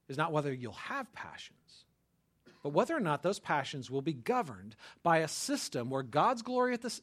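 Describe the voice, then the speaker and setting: A male pastor delivering a sermon with an animated, conversational style. His voice sits high and swings widely in pitch. The tone is bright and forward. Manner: animated, conversational preaching with frequent "right?".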